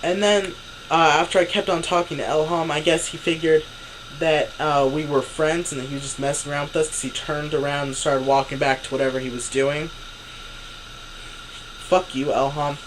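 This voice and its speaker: A young man with a slightly high voice rants to camera in a vlog, telling an exasperated story full of swearing and acting out what other people said. There's background noise.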